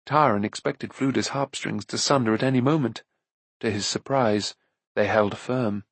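A man narrating a fantasy novel aloud with an even storytelling delivery. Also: lowish voice, normal speed, breathy edge, no echo. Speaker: audiobook narrator. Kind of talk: scripted narration.

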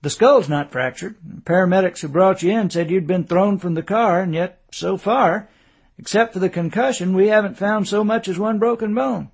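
A chatty, reassuring male doctor explains a patient's luck at length. A man with a gravelly, husky voice plays him. His tone stays easy and professional. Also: high voice, normal speed, voice pushed up. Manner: reassuring, talkative.

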